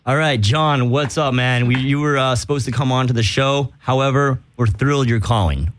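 A man's voice: mid-range voice, normal speed. A man hosting a podcast, brash and profane, pushing guests around. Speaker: podcast host. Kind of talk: crude podcast banter. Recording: faint background noise.

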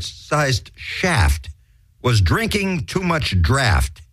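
A man hosting a crude comedy show, rambling through raunchy shout-outs and dirty rhymes. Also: fairly high pitch. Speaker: host.

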